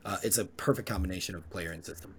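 Emphatic, opinionated low-voiced man. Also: slight background noise. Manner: emphatic, opinionated, jumps between fast and drawn-out phrasing. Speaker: podcast co-host. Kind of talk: casual podcast chat.

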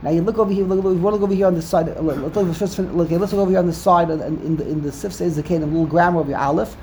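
A man's voice: high voice, steady tone, very fast, darkish tone, slight background noise. A man teaching a study class on Hebrew grammar, explaining step by step and urging listeners to look closer.

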